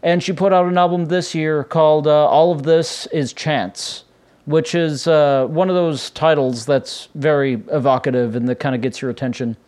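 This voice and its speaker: A man's voice: on the high side, steady tone, moderate pace, few pauses, a little mellow. A man hosting a solo podcast from home, talking in a casual, rambling way with plenty of fillers and restarts. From United States. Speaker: podcast host. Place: home room with his cats.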